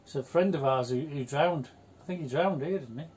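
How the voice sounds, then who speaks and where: Chatty older man, slightly high voice. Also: a little fast, darkish tone, slight background noise. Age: 60s. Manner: storytelling, blunt and chatty. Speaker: houseboat vlogger. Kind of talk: casual chat.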